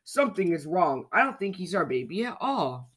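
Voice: medium pitch, sing-song, normal speed, a bit bright, breathy edge. A reader playing a fretful mother bird. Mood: doubtful. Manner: worried, doubtful. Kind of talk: children's story reading.

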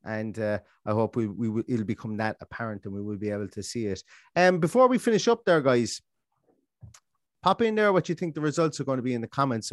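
A man's voice: mid-range voice, no echo. Rambling man in close dry football chat. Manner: rambling, full of restarts and fillers. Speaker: podcast co-host.

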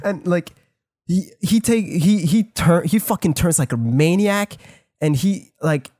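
A man's voice: high-pitched, measured pace, no echo, studio quality. A man co-hosting a podcast, telling a story in casual chat, swearing constantly and acting out what people said. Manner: heavy swearing, excited retelling, acts out quotes. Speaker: podcast co-host.

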